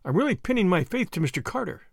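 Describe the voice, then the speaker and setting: A man voicing a spirited, plucky young Englishwoman in an audiobook, eager and quick to object. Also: high voice, very animated, creaky, dry recording, clean studio sound, pitched above the performer's own voice, heavily acted. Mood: earnest.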